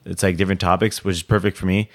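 Racing along in a low, level voice, a young podcast co-host chats casually. His talk is eager and meandering, packed with fillers.

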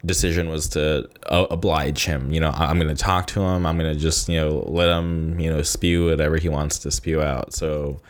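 A man's voice: very deep voice, little pitch movement, moderate pace, hardly any pauses. A man vlogging in a loose, rambling way, leaning heavily on fillers like "like" and "you know" as he tells a story. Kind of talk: casual storytelling to camera.

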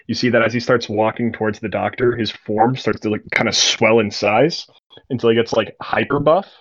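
A man's voice: lowish voice, fairly even intonation, normal speed, lo-fi sound. A young man narrating a tabletop game as game master, describing scenes casually and vividly with many fillers.

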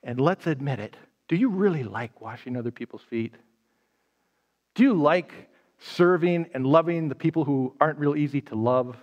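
A man's voice: fairly high pitch, lively intonation, normal speed, dull audio. A man pastor giving a live sermon, telling the story conversationally and casting his listeners as the disciple Peter. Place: church sanctuary.

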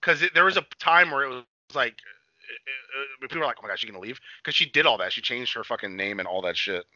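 A man's voice: medium pitch, a little fast, no room sound, dull audio. A man co-hosting a podcast in loose, casual chat, swearing freely and telling stories with lots of energy. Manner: loose, swearing, animated storytelling. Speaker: podcast co-host.

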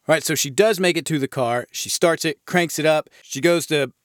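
A man's voice: fairly high pitch, fairly quick, no room sound, studio quality. Laid-back American man reviewing a film. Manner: rambling, laid-back, swears freely. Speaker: horror film podcast host.

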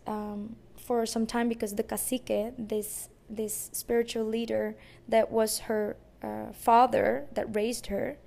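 A woman's voice: a little high, vocal fry, a little mellow. A woman podcast host telling a personal story in an emotional, rambling way, with many fillers and restarts.

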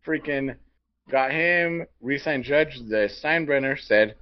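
A man's voice: on the high side, unhurried. A man co-hosting a sports podcast, delivering a heated, profane rant. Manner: profane, fired-up ranting. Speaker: podcast co-host. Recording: dull lo-fi podcast audio.

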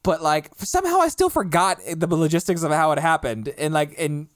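A woman casually retelling a play, animated and swearing, acting out the characters' lines as she goes. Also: sits low, a little fast, no room sound, clean studio sound.

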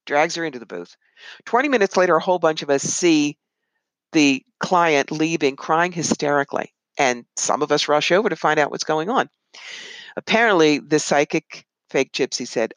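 A woman psychic medium and author, a guest in an interview, telling animated stories and putting on voices when she quotes people. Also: deep voice, brisk, dry recording, rough recording. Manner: animated, puts on voices when quoting others. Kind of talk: conversational interview storytelling.

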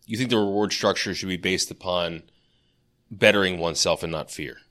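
A man's voice: sits low, a little fast, sharp tone. A man co-hosting a podcast, casually telling a long dream story, full of "like" and restarts. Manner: rambling storyteller, lots of "like". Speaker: podcast co-host.

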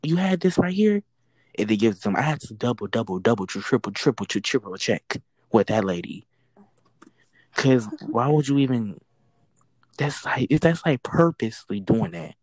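A woman who works a fast-food drive-thru window, telling a work story in casual chat, acting out the quoted exchanges and swearing freely. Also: very deep voice, lively intonation, a little mellow, breathy edge, dry recording, low-quality recording.

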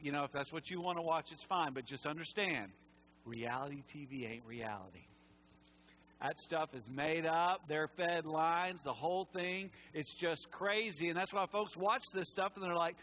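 A man preaching with fervor in a church sanctuary, his voice rising high and then dropping to a near whisper. He sounds emotional, close to tears, and a faint hum sits under the recording. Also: animated, normal speed, low-quality recording. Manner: impassioned, swings from loud to hushed. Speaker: pastor. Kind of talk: sermon.

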